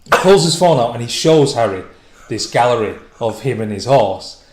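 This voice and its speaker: A man's voice: mid-range voice, lively intonation, normal speed, heavy background noise. A man, a stand-up comedian, telling a rambling, sweary anecdote with frequent laughter. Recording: echoey room.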